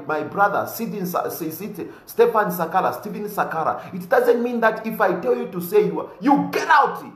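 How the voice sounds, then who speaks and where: A man with a Zambian accent giving impassioned political talk to his viewers, preachy and repetitive, building to shouts. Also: high-pitched, reverberant, low-quality recording. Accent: Zambian English. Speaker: political commentator.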